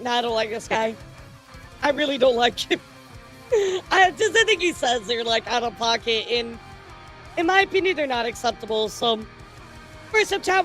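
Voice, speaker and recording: A woman with a bright, high voice hosts a casual livestream news segment. She talks loosely to her chat, teasing and laughing often. Soft music plays faintly underneath. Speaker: streamer and news host.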